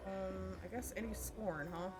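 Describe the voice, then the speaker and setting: A woman with a mid-range voice streams live, chatting casually with viewers at a measured pace while she games. She is candid, swears often and repeats herself, with loud game music playing under her voice.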